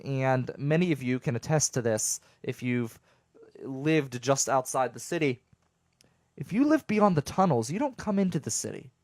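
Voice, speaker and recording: Animated, rambling young male show host. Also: fairly high pitch, dry recording, clean studio sound. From southwestern Pennsylvania. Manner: animated, rambling, jokey, lots of stammered restarts. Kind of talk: casual monologue to listeners. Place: home studio.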